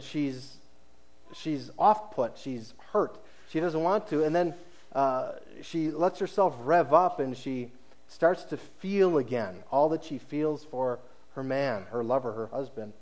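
A man preaching a sermon, explaining scripture and acting out the speakers' words, moving between hushed low phrases and raised emphatic ones. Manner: expository preaching, paraphrasing scripture with dramatized quotes. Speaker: pastor.

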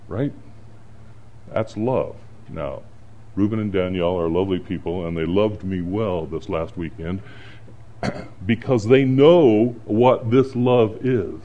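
A man's voice: low-pitched, slow, pauses often, muffled recording. A middle-aged man, a pastor, preaching a sermon and telling stories from his week. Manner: storytelling, animated when acting out panic.

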